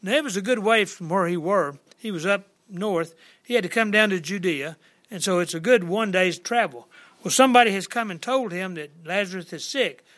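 A man preaching to his congregation in a high, bright voice, working through scripture verse by verse. He talks plainly and conversationally, retelling the old words in everyday speech. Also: moderate pace. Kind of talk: folksy verse-by-verse sermon. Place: church service with congregation.

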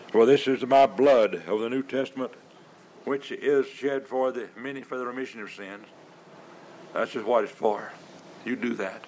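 A man preaching at a very slow, deliberate pace, mid-pitched and steady. He hammers on repeated refrains and stumbles through restarts before landing each point. A faint hum of room ambience sits behind him. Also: low-quality recording. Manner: halting restarts and drawn-out stresses. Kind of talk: sermon.

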